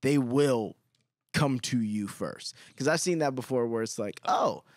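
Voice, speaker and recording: A man hosting a podcast, chatting casually with animated, profane, laid-back banter. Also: medium pitch, measured pace, dry recording, studio quality. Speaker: podcast host.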